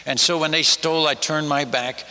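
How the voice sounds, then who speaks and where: A missionary preacher telling a self-mocking story in a sermon, animated and full of stammered restarts. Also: male voice, a little high, moderate pace, in a large hall.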